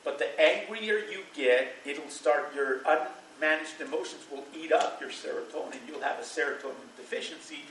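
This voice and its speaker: A man's voice: fairly high pitch, normal speed, hardly any pauses, fairly bright tone, reverberant, recorded from a distance, a little hiss or hum, low-quality recording. A middle-aged man preaching a sermon to a church congregation, in a loose, conversational way, with fillers and bursts of laughter. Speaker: pastor.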